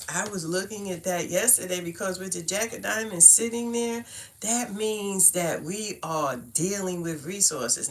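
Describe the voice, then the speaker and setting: A woman's voice: lowish voice, gravelly, fairly bright tone. An older woman from Brooklyn with a Brooklyn accent, chatting casually to viewers as she reads cards on a live stream at home. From Brooklyn, New York. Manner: chatty, talks straight to viewers with "y'all" and "fam". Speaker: card reader live-streaming. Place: at home, indoors.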